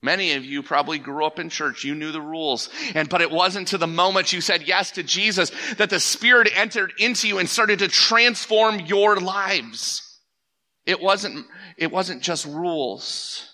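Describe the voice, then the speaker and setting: A middle-aged man delivers a sermon in a church, his voice strikingly bright and slightly high. He talks in an earnest, conversational way, circling back with restarts before building to emphatic peaks. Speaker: pastor. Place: church sanctuary.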